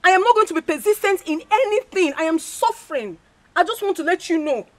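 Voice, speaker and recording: A woman's voice: very high voice, animated, quick pace, no echo. An actress with a Nigerian accent playing a weary young wife, emotional and pleading with her mother. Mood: upset. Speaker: unhappy wife.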